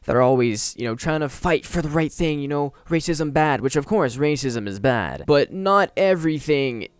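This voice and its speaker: A man's voice: a little high, expressive, normal speed, smooth, no room sound, studio quality. A man giving casual commentary as a YouTuber, slangy, exasperated and emphatic.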